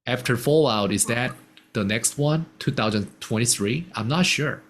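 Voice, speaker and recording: A man's voice: medium pitch, normal speed, slight background noise. A man teaching a casual one-on-one English lesson, patiently explaining simple words.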